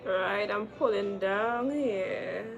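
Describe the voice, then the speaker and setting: A woman's voice: medium pitch, very slow, creaky, lo-fi sound, over music. A woman in her twenties chatting casually with viewers during a live makeup stream, describing each step as she works. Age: 20s. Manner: chatty, addresses viewers directly while applying makeup. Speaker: makeup vlogger.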